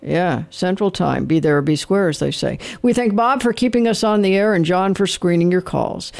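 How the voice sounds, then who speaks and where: A man's voice: high voice, normal speed, creaky. A man hosting a radio call-in trivia show, signing off in a rambling, folksy and jokey way from a radio studio microphone. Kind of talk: casual radio sign-off chat.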